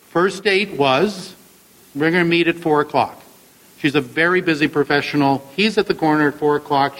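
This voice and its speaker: Guy with a slightly high voice giving a talk on couples, lots of rhetorical questions, acts out what partners say. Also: fairly bright tone, rough recording. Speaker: therapist speaking to an audience. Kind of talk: lecture with acted-out examples.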